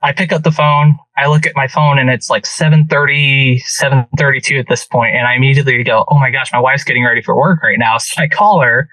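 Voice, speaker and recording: Man guest, casual storyteller with frequent restarts, bright and a little distant from the mic. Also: medium pitch, fast, few pauses, dry recording. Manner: animated hunting story with many restarts. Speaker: podcast guest.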